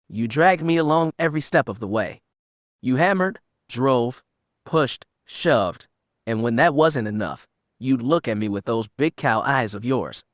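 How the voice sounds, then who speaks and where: A man doing a drunk, gruff middle-aged smuggler in an audiobook, his slurred drawl loud and vehement. The voice sits in an ordinary middle register and the recording is dry and close, with no room around it. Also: mid-range voice, no echo, lightly acted. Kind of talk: audiobook character reading.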